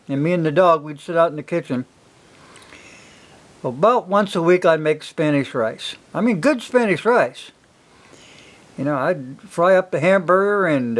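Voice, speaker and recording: Older man, high-pitched, casual folksy storyteller, rambling delivery. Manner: rambling, folksy, many fillers. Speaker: single father telling stories.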